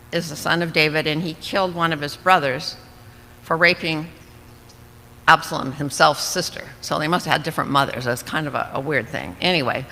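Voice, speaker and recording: A woman's voice: on the low side, sharp tone. A woman giving an earnest, reflective Bible study talk to a women's fellowship, with small slips and restarts. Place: church hall. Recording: reverberant hall, faint background noise.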